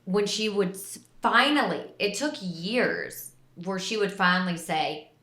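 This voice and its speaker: A woman's voice: medium pitch, big pitch swings, a little slow, pushed and bright, echoey room. A woman co-hosting a podcast, chatting in a rambling, self-deprecating way. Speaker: podcast co-host. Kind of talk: casual chat.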